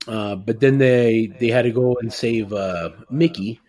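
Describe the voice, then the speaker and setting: A man recounts events steadily as a podcast guest, with frequent "uh" fillers. His pitch is mid-range. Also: a little slow, dark tone. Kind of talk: casual podcast chat.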